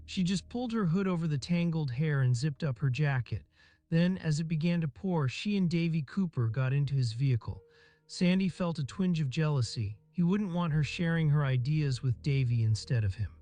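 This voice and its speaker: A man narrating a crime novel in a measured, even storytelling voice. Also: a little high, dry recording. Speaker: audiobook narrator.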